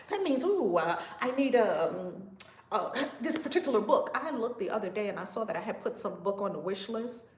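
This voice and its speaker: A woman spiritual teacher on a livestream, preaching with emphatic repetition and bursts of loud whoops. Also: medium pitch, expressive, normal speed, echoey room, rough recording.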